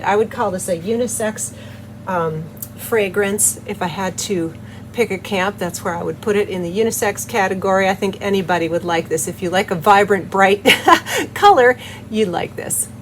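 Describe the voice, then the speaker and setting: A woman's voice: mid-range voice, slight background noise, low-quality recording. Giggly, cheerful woman soap maker. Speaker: soap maker and channel host. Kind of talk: casual chat while making soap. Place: home soap studio.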